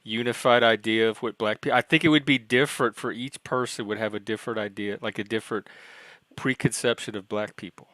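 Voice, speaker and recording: A man's voice: lowish voice, fairly even intonation, fairly quick, a bit bright, dry recording. Blunt, argumentative man from Louisiana. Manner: blunt and argumentative, pushes back hard. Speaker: panelist. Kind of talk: casual debate on a live stream.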